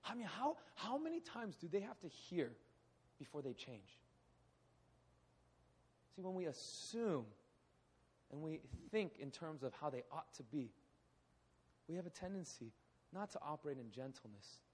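Animated preaching man, husky voice. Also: a little high, unhurried, long pauses. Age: 30s. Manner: animated, acts out quoted voices, laughs often. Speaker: pastor. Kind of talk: sermon. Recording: echoey hall.

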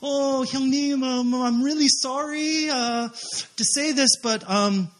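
A man voices a jittery male organizer who stumbles over his apology in a noticeably raised voice. He hesitates and stammers, and his words come out bright and pushed. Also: very high voice, fairly even intonation, measured pace, pitched above the performer's own voice. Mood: apologetic.

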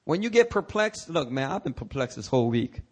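A man's voice: mid-range voice, very animated, brisk, slightly rough. A male pastor preaching a sermon, talking candidly with his congregation and breaking into dramatic, rising cries. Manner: conversational, candid asides to the congregation.

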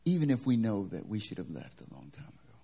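A male pastor from the American South, preaching a sermon through funny personal stories, animated and joking. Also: lowish voice, fast, creaky, breathy edge. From Southern United States. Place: church service.

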